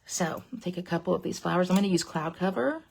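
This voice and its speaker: A middle-aged woman speaks quickly in a lowish, creaky voice, with slight background noise, during a live card-making class she runs by webcam at her craft desk. Rambling and chatty, she lowers her voice to a whisper when she's excited.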